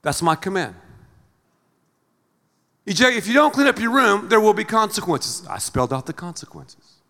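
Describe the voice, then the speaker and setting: A middle-aged male pastor preaching a sermon in a theatrical, animated way, acting out everyday scenes. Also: sits high, moderate pace. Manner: animated, theatrical, acts out scenes with big swings in loudness. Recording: long reverb of a large hall.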